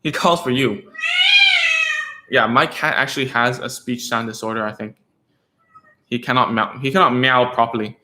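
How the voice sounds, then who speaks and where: With fairly even intonation and a pushed, bright medium-pitched voice, this man speaks at a moderate pace with long pauses. The room sounds roomy, with slight background noise. He's a speech therapist rambling casually to parents, full of fillers and "okay?" checks.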